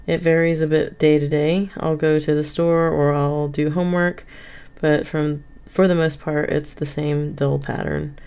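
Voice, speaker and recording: A woman's voice: sits low, level tone, unhurried, vocal fry, hardly any pauses, darkish tone, clear, resonant tone. A woman streamer reading a visual novel game aloud, stopping for asides and correcting her own misreads. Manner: reads game text with asides and self-corrections. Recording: game music behind the voice.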